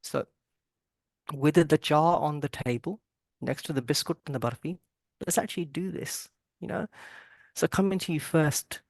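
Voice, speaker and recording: A man's voice: a little high, normal speed, vocal fry, long pauses, dry recording, studio quality. A man hosting a casual podcast over a video call, talking in a rambling, emphatic way. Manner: rambling, emphatic, calls guests bro. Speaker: podcast host.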